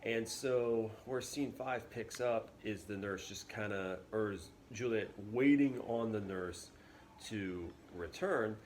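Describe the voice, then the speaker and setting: Chill guy teacher talking slow through a lesson, mid-pitch, lots of ums, bit of faint hiss. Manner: relaxed, chatty, lots of fillers. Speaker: English teacher. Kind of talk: casual classroom video lesson.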